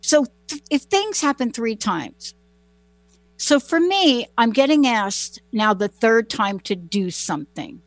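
A woman's voice: on the high side, animated, takes it slowly, no echo. Rambling woman host, dry close sound. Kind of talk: casual chat.

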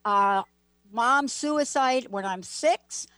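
A woman's voice: fairly high pitch, very slow, sharp tone, no echo. Earnest woman host, dry close sound. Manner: earnest, emphatic, encouraging. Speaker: interview host. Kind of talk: interview hosting.

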